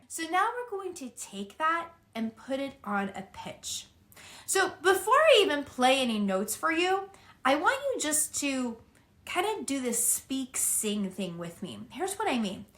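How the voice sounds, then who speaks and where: High-pitched woman coaching singing, bright tone, slow and encouraging. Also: big pitch swings. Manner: encouraging, demonstrates calling out and sung phrases. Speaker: singing teacher. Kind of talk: vocal lesson to camera.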